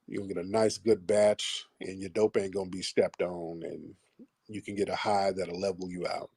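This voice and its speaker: A man hosting a live call-in stream, mocking and insulting his callers bluntly with slow, drawn-out put-downs. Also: sits low, flat delivery, a little mellow, husky, no room sound, studio quality. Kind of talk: combative call-in show talk.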